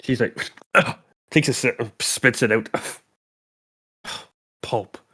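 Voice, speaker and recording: A man's voice: mid-range voice, very slow, pushed and bright, slightly rough, dry recording, studio quality. A man running a tabletop game as game master, narrating scenes with wry, playful asides.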